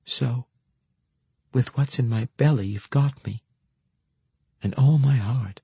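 A man's voice: medium pitch, takes it slowly, dark tone, breathy edge, dry recording, pitched above the performer's own voice, heavily acted. A man voicing a determined young peasant woman who speaks in an earnest, pleading way.

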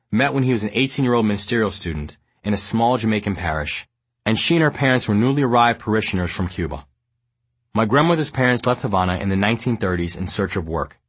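Low, husky-voiced man reading a memoir. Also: no echo. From New York, United States. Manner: measured, steady storytelling. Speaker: memoir narrator. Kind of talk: audiobook memoir narration.

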